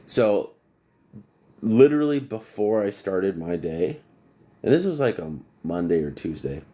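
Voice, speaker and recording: A man's voice: sits low, very animated, a little slow, mellow. A man who works as an HVAC technician, telling long rambling stories on a casual livestream and breaking off to greet viewers.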